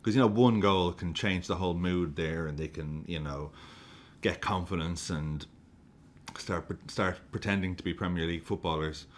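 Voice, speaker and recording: Deep-voiced guy hyped up over a footy win, swears a ton, keeps cracking up. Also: normal speed, a little hiss or hum. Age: adult with a young daughter. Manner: excitable, sweary, laughs often. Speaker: football fan vlogger. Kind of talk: excited match reaction.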